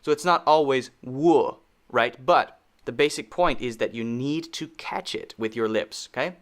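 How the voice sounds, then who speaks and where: Guy teaching pronunciation, talks slow, says each sound a bunch of times, mid pitch. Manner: slow, patient, repeats sounds to demonstrate. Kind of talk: spoken lesson.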